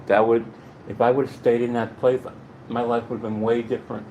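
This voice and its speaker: A man's voice: medium pitch, little pitch movement, darkish tone, low-quality recording. Man, vlogger, out of breath, rambling, repetitive, faint background noise. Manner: rambling, halting, repeats himself. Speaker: vlogger talking to subscribers. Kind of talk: casual heartfelt monologue to viewers.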